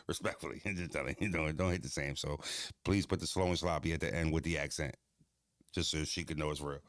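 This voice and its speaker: A man's voice: rumbling low, fairly even intonation, moderate pace, dry recording, clean studio sound. A young man hosting a livestream, joking loosely and profanely, laughing and roasting his chat. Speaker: livestream host.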